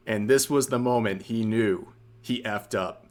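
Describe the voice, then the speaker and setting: A man's voice: on the low side, a little slow. A man giving casual, mocking reaction commentary on a video clip. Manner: mocking and sarcastic.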